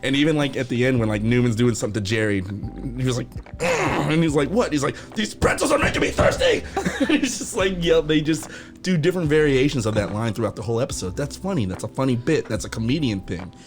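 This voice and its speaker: A man's voice: mid-range voice, quick pace. A man co-hosting a loose podcast chat, retelling sitcom scenes with lots of energy. He jumps into goofy voices for the characters as he goes. Faint music plays underneath. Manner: animated storyteller, acts out sitcom scenes in silly voices. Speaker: podcast co-host. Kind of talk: casual chat.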